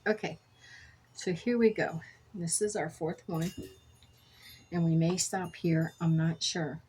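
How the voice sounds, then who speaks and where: A woman's voice: on the low side, fairly even intonation, slow, a little mellow, husky, poor audio. A middle-aged woman chatting casually while making beaded jewelry, telling rambling stories with self-corrections. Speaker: jewelry crafter. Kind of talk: casual crafting vlog chat.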